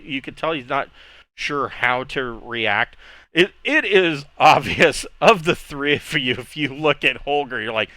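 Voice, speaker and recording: A man's voice: medium pitch, sharp tone, no echo. A man narrating as game master in a casual, rambling way, full of restarts. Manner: casual, many fillers and restarts, laughs easily.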